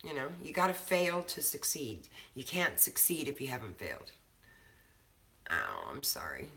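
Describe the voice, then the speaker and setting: A woman's voice: extremely low pitch, wildly swooping pitch, moderate pace, bright, forceful tone. A woman chatting casually from her home kitchen, talkative and laughing often, swearing now and then. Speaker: co-host of a cannabis show. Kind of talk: casual chat.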